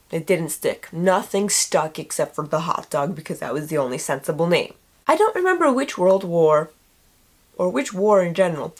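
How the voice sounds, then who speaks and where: A young woman talking straight to her viewers in a relaxed vlog. She is chatty and animated, tossing in playful asides. Her pitch sits in the middle range for a woman. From United States. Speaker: vlogger. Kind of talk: casual vlog chat.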